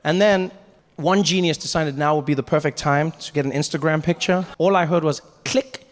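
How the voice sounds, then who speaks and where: A man performing stand-up comedy, telling a story in an animated way. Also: a little high, moderate pace, heavy background noise. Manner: animated, big voice swings for characters.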